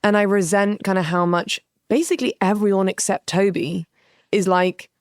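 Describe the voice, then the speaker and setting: A woman's voice: medium pitch, moderate pace, no room sound, studio quality. A woman co-hosting a podcast, recapping a TV episode in candid, casual chat and swearing freely. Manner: candid, sweary, animated retelling of scenes. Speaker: podcast co-host.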